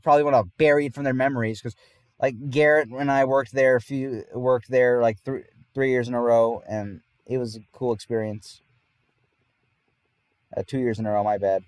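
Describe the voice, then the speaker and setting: A man's voice: mid-range voice, no echo. A man telling a long personal story in casual podcast chat, rambling and often laughing mid-sentence. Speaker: podcast host.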